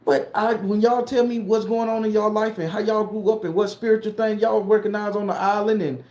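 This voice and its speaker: A man from southern Florida rants to camera in a heated, profane, blunt way. His voice sits fairly high for a man but sounds dark and mellow, and the echoey room rings around it. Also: fairly even intonation, brisk. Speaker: spooky-story vlogger and tarot reader. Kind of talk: casual ranting monologue to camera.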